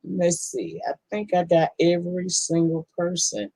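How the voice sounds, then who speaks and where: A woman's voice: on the low side, steady tone, unhurried, warm tone, no room sound, rough recording. A woman hosting a casual live-stream, greeting viewers one by one in a folksy, affectionate way. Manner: folksy, affectionate, calls people honey and baby. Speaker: livestream host.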